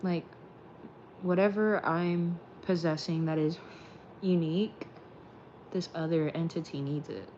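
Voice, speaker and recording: A woman's voice: fairly low pitch, steady tone, measured pace, pauses often, dark tone, lo-fi sound, a little hiss or hum. A woman hosting a late-night car ride vlog, rambling in casual chat and swearing freely. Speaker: streamer and vlog host.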